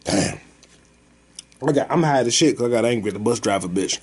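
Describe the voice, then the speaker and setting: A man's voice: medium pitch, expressive, fairly quick, pauses often, darkish tone, breathy edge. Profane rambling male podcast host. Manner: profane, rambling, slangy storytelling. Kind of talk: casual podcast chat.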